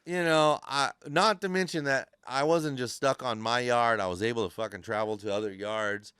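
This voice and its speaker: Male podcast host, casual storyteller, lots of swearing, crisp tone. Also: mid-range voice, normal speed, dry recording, studio quality. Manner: profane, rambling, animated storyteller.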